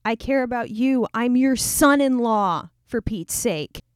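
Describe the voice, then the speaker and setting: A woman's voice: on the high side, lively intonation, a little slow, smooth, no echo, studio quality. A woman voicing an exasperated young male warrior-king who talks in casual modern slang. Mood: pleading.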